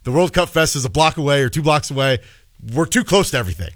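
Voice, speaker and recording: Man, casual podcast chat, animated storytelling, dry close sound. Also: on the high side, fast, dry recording. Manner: animated storytelling, many restarts. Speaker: podcast co-host.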